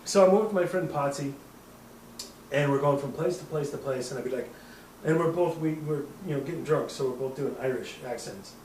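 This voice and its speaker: A man's voice: fairly high pitch, fairly quick, a little mellow, a little hiss or hum. A man in his thirties from the American Midwest, hosting a podcast and telling a long, rambling, profane story with frequent laughs. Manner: rambling, profane, laughs often, puts on quoted voices. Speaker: podcast host. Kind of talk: casual storytelling. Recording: echoey room, mic at a distance.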